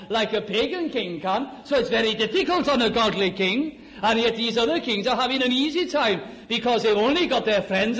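A man's voice: very high-pitched, fairly bright tone, rough recording. A male preacher voicing a weary godly king who pours out his complaints to God in a plaintive, half-laughing way.

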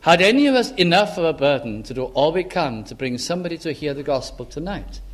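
High-voiced man preaching earnestly. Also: very animated. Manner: earnest, slows down and rises for emphasis. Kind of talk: sermon.

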